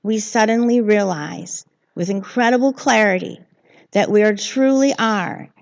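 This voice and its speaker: A woman with a gravelly, slightly creaky voice serving as the reader at a church service. She tells a personal story in a heartfelt, earnest way. Her pitch sits in an ordinary middle range. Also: measured pace, dull audio. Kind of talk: church reading and personal sharing. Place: church sanctuary.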